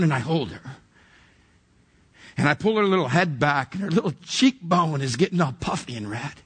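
A man's voice: a little high, fairly bright tone, slightly rough. A man preaching a sermon, telling a personal story vividly and acting out the dialogue before turning to earnest preaching. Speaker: pastor.

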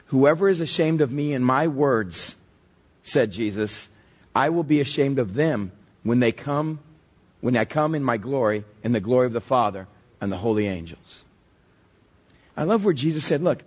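Pastor, man in his forties, a bit hoarse and husky, lively animated delivery. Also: mid-range voice. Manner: storytelling with lively acted-out quotes. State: slightly hoarse. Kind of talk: sermon.

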